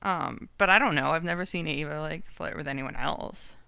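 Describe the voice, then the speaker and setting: A woman's voice: deep voice, normal speed, creaky, sharp tone, clean tone, dry recording, clean studio sound. A woman co-hosting a podcast in casual chat, talking with lots of fillers and laughing often. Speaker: podcast co-host.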